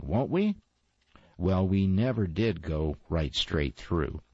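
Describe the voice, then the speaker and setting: A man narrating a storybook in a wry, lively way. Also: low-pitched, husky, no room sound. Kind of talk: storybook reading. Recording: slightly dull, dry recording.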